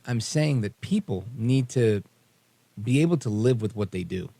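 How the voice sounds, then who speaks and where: Gravelly talk radio host, emphatic. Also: male voice, mid-range voice, a little mellow, no echo. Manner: emphatic, rambling, drops in slang. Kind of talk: political talk radio monologue.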